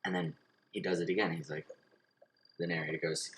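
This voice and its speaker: A man's voice: deep voice, steady tone, normal speed, pauses often, fairly bright tone, slight background noise, poor audio. A young man, a student vlogger, casually retelling a classroom story and acting out the voices of the people in it.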